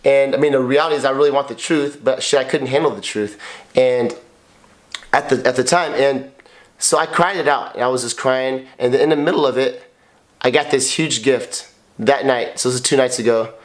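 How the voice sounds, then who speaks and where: A husband co-hosting a couple's podcast tells his story at normal speed in an ordinary-pitched voice. Emotional and blunt, he swears freely, repeats himself, and speaks in a raw, confessional way.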